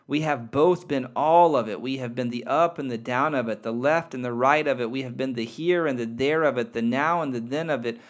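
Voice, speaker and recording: A man's voice: medium pitch, a little fast, hardly any pauses, close to an everyday voice. A man reading the part of a loving, playful soul spirit who speaks tenderly and reassuringly.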